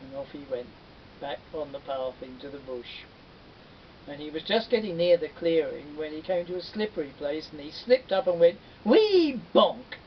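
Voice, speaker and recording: A man telling a folktale with lively, animated narration. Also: normal speed. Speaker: storyteller. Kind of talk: folktale storytelling. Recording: dull distant recording with faint rumble.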